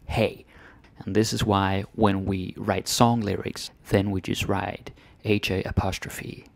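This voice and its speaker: A man with a Danish accent teaching Danish grammar in English, chatty, with "ikke?" tags and sudden soft whispers. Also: fairly low pitch, level tone, a little slow, gravelly, dry recording. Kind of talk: explaining grammar to learners.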